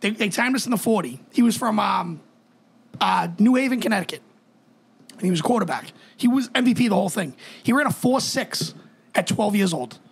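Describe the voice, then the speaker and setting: A young man tells a rowdy story on a podcast. His voice is gravelly and husky, and he swears freely and acts out the people in his tale. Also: high voice, brisk. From Boston area. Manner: animated, profane, acts out voices in stories. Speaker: podcast co-host. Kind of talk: casual storytelling.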